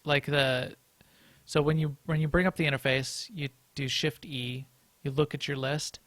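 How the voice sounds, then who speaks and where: A man's voice: a little high, fairly even intonation, normal speed, a bit bright, dry recording. A man co-hosting a casual gaming podcast, rambling and restarting as he thinks aloud. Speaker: podcast co-host.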